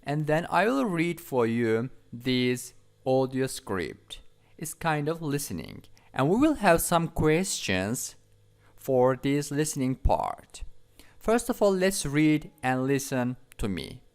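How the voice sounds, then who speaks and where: A male English teacher, repeating vocabulary words slowly to drill pronunciation in a lesson. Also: mid-range voice, big pitch swings.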